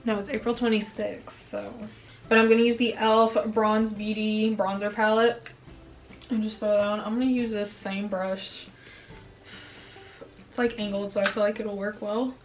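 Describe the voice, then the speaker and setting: A woman's voice: medium pitch, flat delivery, moderate pace, soft background music, poor audio. A young woman filming a casual makeup review at home, chatting and venting her frustration, a bit out of breath. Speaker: beauty vlogger. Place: indoors at home, filming herself.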